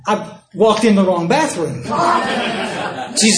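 A man's voice: sits high, normal speed, echoey room, background noise. An older man from Texas, telling folksy, self-mocking stories at a recovery dinner talk and acting out both sides of each exchange. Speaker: recovery speaker. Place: dinner event hall.

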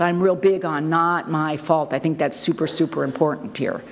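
A woman's voice: deep voice, normal speed, few pauses, a little hiss or hum. A middle-aged woman telling her own story at a recovery meeting, candid and wry, with lots of fillers and emphatic repeats. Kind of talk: personal testimony talk. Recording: long hall reverb.

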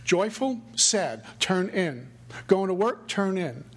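A man's voice: sits high, sing-song, slow, husky. A middle-aged man, sharing his recovery story in an earnest, repetitive way. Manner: earnest, repetitive, mantra-like phrasing. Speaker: recovery meeting speaker. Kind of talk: personal recovery talk.

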